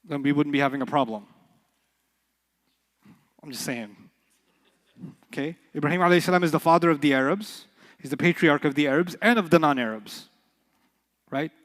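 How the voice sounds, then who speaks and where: A man teaching an Arabic class in a lively, playful way, joking and quizzing his students. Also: on the high side, moderate pace, pauses often. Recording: long hall reverb.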